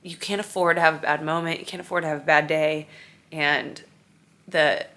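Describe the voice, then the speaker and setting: A woman's voice: deep voice, fairly even intonation, moderate pace, sharp tone. Weary, emotional woman vlogging. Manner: tired, emotional, rambling with many "like"s. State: weary and overwhelmed. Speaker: vlogger and mother. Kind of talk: confessional vlog chat. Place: apartment during a move.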